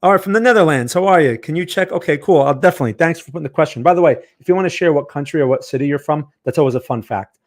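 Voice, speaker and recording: New Jersey-accented man, fairly high voice, chatty live-stream trading teacher. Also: very fast, hardly any pauses. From Northern New Jersey, USA. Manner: chatty, talks to chat viewers. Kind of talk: live-stream market lesson.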